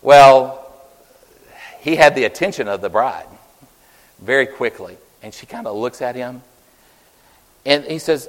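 A man preaching an Easter sermon in an earnest way, rising loud and then falling soft. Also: mid-range voice, expressive, measured pace, pauses often, long reverb tail, rough recording. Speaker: pastor.

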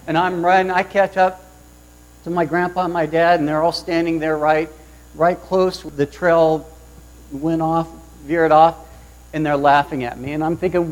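A man preaching a sermon, opening with a lively personal story and acting out the voices of the people in it. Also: fairly high pitch, moderate pace, rough recording. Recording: mains hum underneath.

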